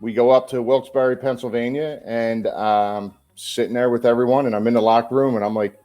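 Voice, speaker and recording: A man around fifty tells stories with animated energy and swears freely. He speaks at a middle pitch in a casual podcast interview. He talks as a former pro wrestler looking back on his career. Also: brisk. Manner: animated storyteller, swears freely, acts out dialogue.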